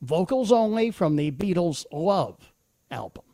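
A man's voice: sits high, very animated, measured pace, background noise. A man hosting a talk show, chatty with many fillers. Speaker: radio talk host. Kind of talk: casual chat with bits.

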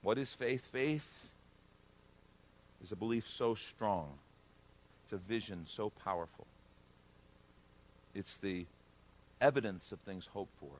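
A middle-aged male pastor giving a conversational sermon, joking in asides and swelling loud for emphasis. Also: lowish voice, breathy edge.

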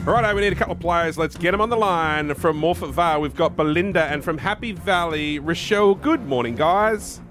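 A man hosting breakfast radio, running a phone-in game in a lively, quick way. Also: fairly high pitch, over music. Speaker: radio host. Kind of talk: casual breakfast radio banter.

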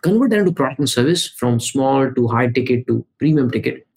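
A man, a podcast guest and coach, talking in energetic, emphatic bursts that list steps one after another. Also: mid-range voice, brisk. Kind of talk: conversational podcast interview.

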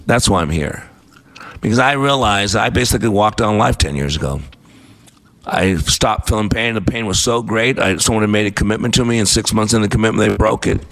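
A man's voice: fairly low pitch, fairly bright tone. A man in his fifties hosting a faith-based motivational radio talk, speaking with earnest, preacherly emphasis. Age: 50s. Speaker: radio host.

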